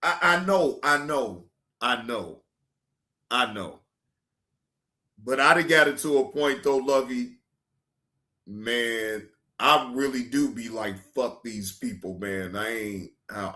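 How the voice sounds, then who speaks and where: Speaking at a medium pitch, this reaction-show host talks like a casual livestreamer, full of slang and profanity. He repeats himself and shifts between loud hype and hushed asides.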